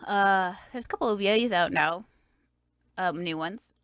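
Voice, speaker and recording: A woman's voice: mid-range voice, moderate pace, dry recording. Young woman, podcast co-host, rambling casual chat, lots of fillers, close dry sound. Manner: rambling, many fillers and restarts; animated when quoting people.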